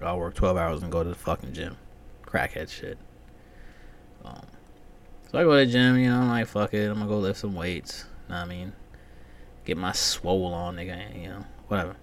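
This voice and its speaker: A man's voice: deep voice, a little hiss or hum. Profane, rambling man telling a story. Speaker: podcast host. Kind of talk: casual storytelling monologue.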